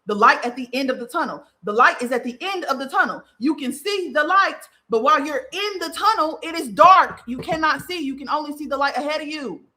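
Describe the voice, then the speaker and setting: A woman's voice: high-pitched, expressive, fairly quick, hardly any pauses, pushed and bright. A woman podcast host giving a spiritual monologue, fiery and profane, repeating phrases for emphasis.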